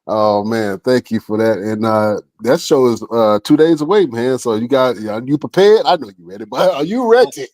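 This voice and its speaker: Excitable podcast host man. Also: mid-range voice, moderate pace, hardly any pauses. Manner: enthusiastic, laughs easily, slangy. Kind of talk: casual interview chat.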